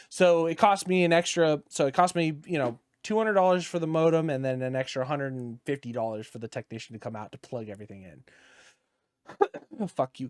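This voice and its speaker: A man on a casual gaming podcast ranting through a story with plenty of swearing. His voice sits a bit high for a man. The sound is dry and close, with no room echo. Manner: ranting, profane, animated storytelling. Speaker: podcast co-host.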